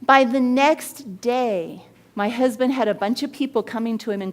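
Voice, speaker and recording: A woman with a fairly high voice teaches body language on her own show. She talks with energy and acts out the people in her stories to make her points. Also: moderate pace. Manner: animated storyteller who acts out quoted voices.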